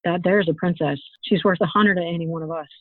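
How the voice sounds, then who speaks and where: A gruff, commanding thug leader barking orders in rough slang, as a woman reading her story puts him on. The sound is thin and phone-like, with a dry, close feel and no room around it. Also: lowish voice, steady tone, quick pace, no echo, close to an everyday voice. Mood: mocking. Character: gruff male thug boss, weary and blunt.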